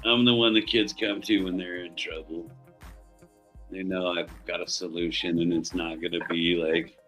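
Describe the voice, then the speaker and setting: Middle-aged guy on a stream, lowish voice, cussing and laughing while he rambles, bit of music behind. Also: steady tone, moderate pace, a bit bright. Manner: profane, rambling storyteller who laughs often. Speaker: livestream host. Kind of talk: casual chat.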